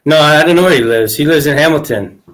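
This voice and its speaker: A man's voice: on the high side, fast, a bit bright. A man hosting a podcast, telling crude stories in casual chat and laughing often. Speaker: podcast host.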